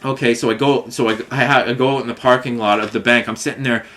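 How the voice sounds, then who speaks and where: A man's voice: mid-range voice, steady tone, fast, fairly bright tone. A man telling a long complaint story in a casual monologue, rambling and frustrated, with many fillers and restarts. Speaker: vlogger.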